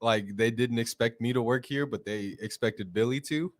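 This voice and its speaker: A man's voice: medium pitch, moderate pace, no echo. A man co-hosting a live podcast, dropping short, dry quips into the chat. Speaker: co-host. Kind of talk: casual live-show chat.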